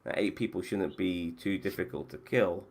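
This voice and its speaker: A man's voice: deep voice, normal speed, creaky. A man hosting a podcast and running a casual chat about video games, swearing freely and often restarting his sentences. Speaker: podcast host.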